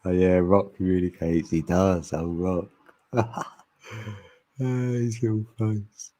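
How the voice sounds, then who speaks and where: A chatty man hosting a casual livestream, wandering from thought to thought and laughing as he goes. His voice sits very low and mellow, with a husky edge. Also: steady tone, slow pace, no room sound. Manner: rambling, chatty, laughs often. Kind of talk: casual chat.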